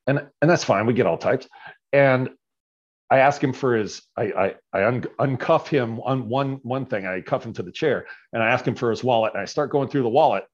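A man casually telling a story as a podcast guest, animated and often tagging his lines with "right?". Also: mid-range voice, lo-fi sound.

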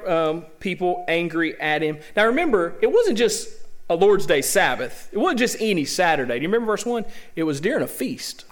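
A man preaching a sermon in a lively, joking way, often tossing rhetorical questions to the congregation. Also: high voice.

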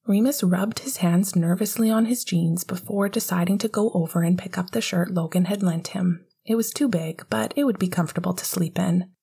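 A woman narrating an audiobook in a soft, half-whispered voice. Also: on the low side, normal speed, creaky, few pauses, husky.

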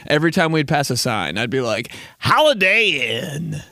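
A man's voice: mid-range voice, expressive, fast talker, fairly bright tone, no room sound, studio quality. A young man hosting a casual comedy podcast, rambling with frequent laughs, swearing and bursts of silly put-on voices. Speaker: podcast host.

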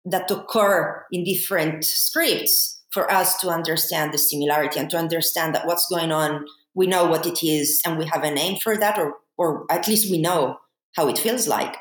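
A woman from Italy, a guest explaining ideas at length in a measured way with frequent fillers. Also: sits low. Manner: measured, thinks aloud with fillers. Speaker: guest academic. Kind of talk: explanatory interview talk. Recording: echoey room.

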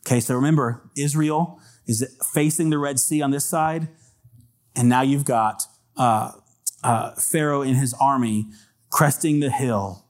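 A man's voice: medium pitch, steady tone, unhurried. A man preaching a sermon to a congregation, earnestly reading scripture aloud and calling for amens. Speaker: pastor. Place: church with congregation.

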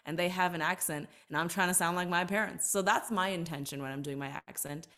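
An entertainer and author in her thirties, interviewed as a podcast guest, speaks with a lowish, sharp-toned voice. Her manner is earnest and reflective, and she's quick to emphasize.

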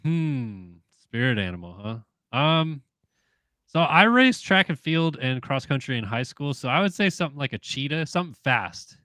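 A man's voice: mid-range voice, sing-song, moderate pace, sharp tone, no echo. A young man interviewed as a guest, talking casually and thinking aloud through frequent fillers. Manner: thoughtful, many fillers and restarts. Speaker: guest, moto journalist.

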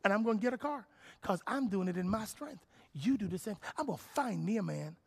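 A man preaching a sermon as pastor, animated and full of repeated phrases. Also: sits high, a little fast, vocal fry, husky.

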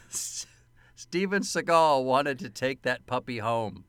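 Taking it slowly, a man with a clear, resonant mid-range voice speaks in a dry recording. He co-hosts a casual film podcast, animated and profane, laughing often while he tells anecdotes.

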